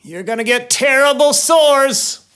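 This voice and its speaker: A man voicing the prophet Moses in a kids' show skit, giving slow, dramatic warnings of plagues. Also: very high-pitched, expressive, bright, forceful tone, slight background noise, voice pushed up, heavily acted. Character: bold male prophet Moses warning a king.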